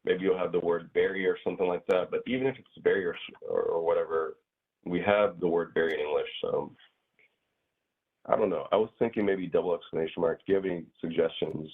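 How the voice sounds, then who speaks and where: Male teacher, deep and husky, rambling casual delivery, phone-quality audio. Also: fairly quick. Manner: hesitant, many fillers and restarts. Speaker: grammar teacher. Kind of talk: casual online class explanation. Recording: tinny phone-like line.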